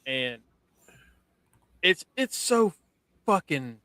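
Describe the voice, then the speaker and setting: A man's voice: high voice, extremely slow, dry recording. A man co-hosting a podcast, casually recapping a TV episode with profanity and acted-out quotes. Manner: animated, profane, acts out scenes. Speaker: podcast co-host. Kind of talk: casual show review chat.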